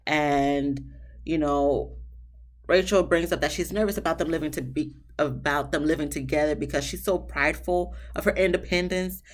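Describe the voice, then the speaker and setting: A woman hosting a casual reality TV recap, chatty and opinionated. She addresses the couples directly and jumps to a high, emphatic pitch when she does. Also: moderate pace. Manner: talks straight to the people on the show, laughing at her own asides. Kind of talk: casual episode recap commentary.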